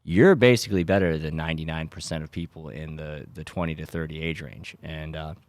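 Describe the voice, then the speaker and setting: A young man, a podcast host rambling in a sarcastic deadpan way with lots of filler words. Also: very deep voice, brisk, dry recording. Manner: dry sarcastic delivery with frequent filler words. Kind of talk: rambling deadpan comedic monologue.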